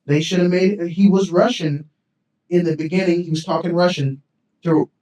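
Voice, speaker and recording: A man's voice: high-pitched, fairly even intonation, normal speed, warm tone, roomy sound, recorded from a distance, low-quality recording. A man co-hosting a casual podcast, rambling and repeating himself, dropping slang like "you feel me". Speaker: podcast co-host. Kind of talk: casual chat.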